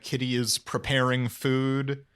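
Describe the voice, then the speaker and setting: A man's voice: mid-range voice, completely flat delivery, slow, a bit bright, clean tone. A man co-hosting a podcast, chatting casually and enthusiastically, rambling with fillers. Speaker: podcast co-host. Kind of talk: casual chat.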